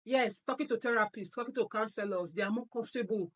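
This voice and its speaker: A middle-aged woman, her voice sitting a little high, leads a live parenting class. She talks in an animated way, acts out parents and children in quoted voices, and comes back to the same phrases again and again. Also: fast talker. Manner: animated storytelling, repeats key phrases. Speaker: parenting coach and therapist.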